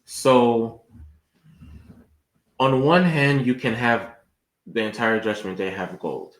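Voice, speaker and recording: A man co-hosting a casual wrestling podcast, thinking through ideas out loud. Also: slow pace, echoey room. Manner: thoughtful, lively swings in pitch. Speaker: podcast co-host.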